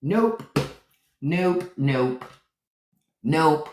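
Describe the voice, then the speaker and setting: A woman with a deep voice hosting a live stream, telling unfiltered comedic stories, swearing freely and acting out the voices of the people in them. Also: very slow, echoey room, a little hiss or hum. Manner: profane, animated, acts out other people's voices. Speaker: podcast host on a live stream. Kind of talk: unfiltered comedic storytelling monologue.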